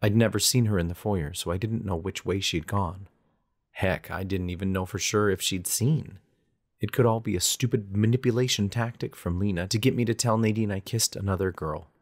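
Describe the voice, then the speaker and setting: A man's voice: lowish voice, normal speed. A man narrating a romance audiobook in first person with an intense, dramatic delivery.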